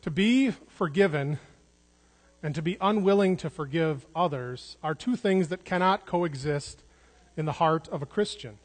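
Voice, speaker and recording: A man's voice: on the high side, measured pace. A man preaching a sermon in an earnest way, restarting words and repeating phrases for emphasis. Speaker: pastor. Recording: long hall reverb.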